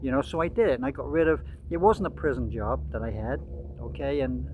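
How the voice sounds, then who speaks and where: A man's voice: mid-range voice, brisk, narrow, tinny audio, a little hiss or hum. A man in his sixties giving casual, rambling commentary with frequent fillers and restarts. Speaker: vlogger.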